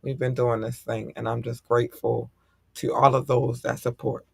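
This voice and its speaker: A man hosting a podcast in casual chat, talking in an excitable, slangy and heartfelt way. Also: mid-range voice, moderate pace, vocal fry, breathy edge, dry recording, clean studio sound. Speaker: podcast host.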